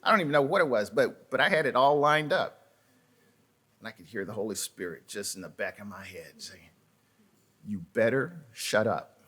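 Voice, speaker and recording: A man's voice: mid-range voice, expressive, brisk, pushed and bright. A man preaching a sermon as pastor, telling folksy stories with asides to the congregation, often repeating words and restarting. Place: church sanctuary.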